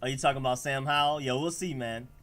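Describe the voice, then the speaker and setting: This sports livestream host, who has an Atlanta accent, talks fast at medium pitch. He keeps things casual, animated and full of slang as he reacts to the live chat.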